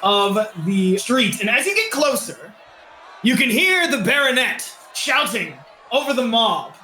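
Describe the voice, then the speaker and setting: A man's voice: extremely high pitch, big pitch swings, unhurried, pushed and bright, echoey room, slight background noise. A man narrating as game master of a tabletop game, with dramatic descriptive narration.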